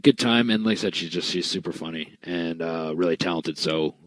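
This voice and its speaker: A man's voice: low-pitched, a little fast, no room sound, rough recording. A man co-hosting a podcast, rambling and teasing in a laid-back casual chat. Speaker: podcast co-host.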